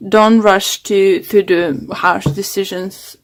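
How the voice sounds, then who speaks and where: Woman, tarot reader, fading hoarse voice, halting delivery, lots of ums. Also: medium pitch, fairly even intonation. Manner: hesitant, many fillers and restarts. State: losing her voice. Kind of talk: casual tarot reading monologue.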